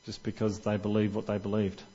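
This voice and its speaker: A man's voice: lowish voice, monotone, fairly quick, mellow, slightly rough, highs cut off. A man preaching a sermon in church, talking conversationally and asking the congregation questions.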